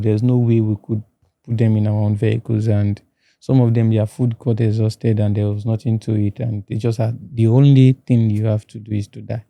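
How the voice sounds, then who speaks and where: A man from Nigeria with a Nigerian accent, telling his own story as a podcast guest in a halting way, often repeating words. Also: fairly low pitch, warm tone, no room sound, clean studio sound. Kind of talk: personal testimony in a podcast interview. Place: podcast studio.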